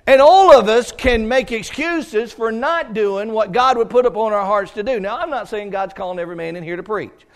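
A middle-aged man preaching a sermon in a church auditorium. His voice sits high for a man, and he swings from loud, ringing exclamations down to hushed, almost whispered asides. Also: a little fast, hardly any pauses.

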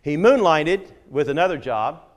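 A man's voice: on the high side, lively intonation, unhurried. A middle-aged man who grew up in the United Kingdom, a former missionary, giving a conversational lecture on religion in an emphatic manner, checking in with frequent "okay?" asides.

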